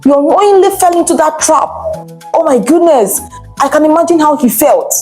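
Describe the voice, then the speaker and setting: Woman, children's teacher, storytelling, encouraging, mellow tone, soft music underneath. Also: high voice, animated, a little fast. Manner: chatty, encouraging, asides to children. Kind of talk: bilingual storytelling lesson.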